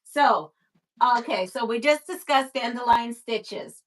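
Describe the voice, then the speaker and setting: A woman's voice: on the high side, slow pace. Chatty woman from Brooklyn, laughing often. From Brooklyn, New York. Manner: chatty, laughs often, reads comments aloud. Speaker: live stream co-host reading viewer chat. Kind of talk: casual live-stream chat.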